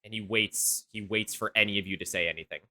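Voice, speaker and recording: A man running a tabletop game, describing the scene with a bright, forward tone. He talks in a halting way, stopping often with fillers and restarts. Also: on the low side, steady tone. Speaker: game master.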